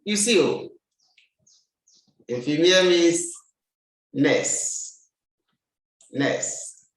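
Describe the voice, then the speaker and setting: A man teaching French, drilling pronunciation and repeating each word slowly for the learner to copy. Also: a little high, expressive. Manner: slow, deliberate, repeats words for the learner to copy. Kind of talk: language lesson, drilling pronunciation. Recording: very echoey room.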